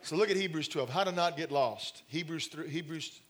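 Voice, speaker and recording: A middle-aged man preaches to a congregation, his voice sitting high for a man. He moves between stories, laughs and direct asides to the room, keeping the sermon chatty and personal. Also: fairly quick, a bit bright, slight background noise. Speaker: pastor. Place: church in front of a congregation.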